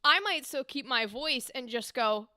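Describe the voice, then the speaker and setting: A young woman voice actor chatting casually on a livestream, animated and explaining with demonstrations. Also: sits high, unhurried, dry recording, studio quality. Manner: animated, talks with her hands, explains with demonstrations. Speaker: streamer and voice actor. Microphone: desk microphone.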